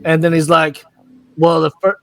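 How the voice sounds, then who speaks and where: A man's voice: fairly high pitch, monotone, normal speed, creaky, fairly bright tone, faint music behind. A man hosting a casual recap, retelling scenes with crude jokes and quoted lines. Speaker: recap host.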